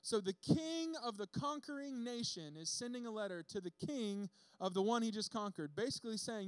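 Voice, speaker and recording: A man delivers a sermon in a relaxed, conversational way, bouncing into acted-out voices for the people in the story. His voice sits high for a man, and the sound is dry and close with little room echo. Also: normal speed, hardly any pauses, clean tone. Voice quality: bearded speaker. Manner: casual, animated storytelling with acted-out quotes. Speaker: preacher.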